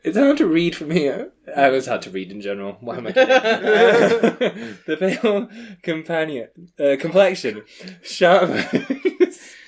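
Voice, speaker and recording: A man's voice: a little high, very animated, unhurried. A man playing a board game, chatting casually, laughing often and stumbling as he reads rules text aloud. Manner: giggly, stumbles while reading aloud. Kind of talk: casual gameplay chat.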